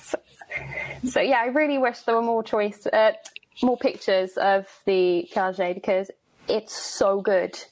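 A woman's voice: mid-range voice, steady tone, unhurried, a little mellow, poor audio. A woman on a casual online panel, playful and teasing, laughing often.

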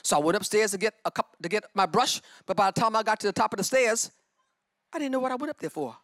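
A middle-aged woman preaching a sermon with personal testimony, fervent and emphatic, and breaking into shouts. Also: mid-range voice, expressive, fast, no echo, studio quality.

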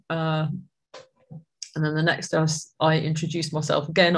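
An adult sharing their personal recovery story at a support meeting, speaking in an earnest, reflective way with halting restarts. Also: medium pitch, steady tone.

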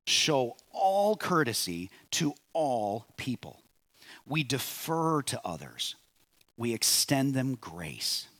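Male pastor preaching, slow and deliberate, voice rides up and down a lot. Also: mid-range voice, very animated, no echo. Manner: measured preaching, swells on key phrases and drops soft at line ends. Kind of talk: sermon.

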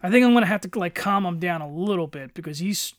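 High-voiced swearing podcast guy. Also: expressive, quick pace, no echo, studio quality. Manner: blunt, swears freely. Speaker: podcast co-host. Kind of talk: casual chat.

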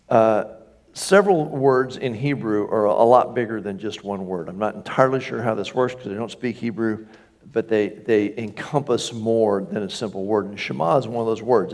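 A man's voice: mid-range voice, a little mellow. A man preaching a sermon in a church, emphatic, lifting his voice on key phrases and asking the congregation for agreement. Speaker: pastor.

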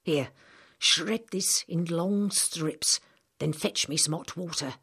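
A gruff, frail old man with arthritic hands, as a woman narrator puts him on, handing out short orders in a low, husky voice. He speaks brusquely but kindly, an audiobook character. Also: slow, a bit bright, exaggerated voice.

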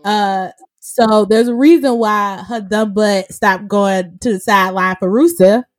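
A woman co-hosting a casual chat, talking in a laid-back, drawn-out way and laughing often. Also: mid-range voice, no room sound. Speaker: podcast co-host reviewing wrestling.

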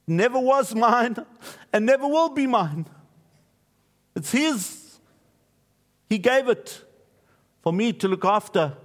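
A man's voice: very high voice, slow pace, long pauses, big-room sound, voice pushed up. A male preacher voicing an earnest, grateful man who explains that his money was never his own.

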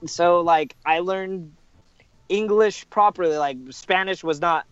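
A man's voice: sits high, slow pace, clean tone, no echo, lo-fi sound. A man from Southern California chatting casually on a podcast, joking and swearing with frequent restarts. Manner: joking, profane, stumbling restarts. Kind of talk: casual chat.

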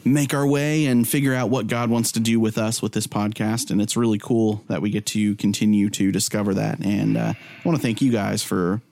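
Low-voiced chatty male podcast co-host. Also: little pitch movement, moderate pace, vocal fry, few pauses, a little mellow. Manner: loose and chatty, many "um" and "like" fillers, laughs easily. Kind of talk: casual chat and spoken prayer.

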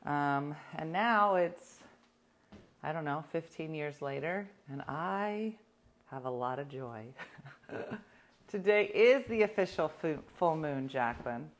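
A woman's voice: low voice, lively intonation, slow pace. A woman hosting a casual livestream, telling stories to her viewers in a wry, sarcastic way. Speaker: livestream host.

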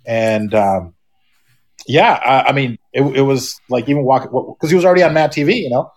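A man's voice: medium pitch, moderate pace. Man, middle-aged, podcast guest, casual rambling chat, lots of restarts. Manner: rambling, many restarts and fillers.

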